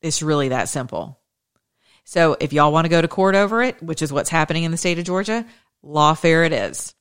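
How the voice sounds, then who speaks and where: A show host delivers a fervent call to action that blends politics with scripture, in a mid-pitched voice. The host drives each point home through emphatic repetition and a preacher's cadence. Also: a little fast, a bit bright, smooth.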